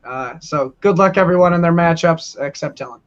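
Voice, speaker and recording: Higher-voiced man on a dull, lo-fi podcast mic. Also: brisk. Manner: reads out listener questions, jokey. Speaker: podcast co-host. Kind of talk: casual chat. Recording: dull lo-fi sound.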